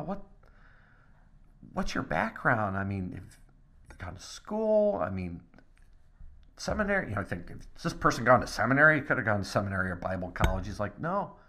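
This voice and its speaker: Male pastor, podcast devotional talk, mid pitch, from a hushed near-whisper to excited bursts. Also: gravelly.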